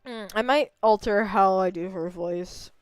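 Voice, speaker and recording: A woman's voice: mid-range voice, a little slow, clean tone, no echo. A young woman streaming a video game and chatting in a rambling, self-amused way into a close desk microphone. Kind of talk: casual gameplay commentary.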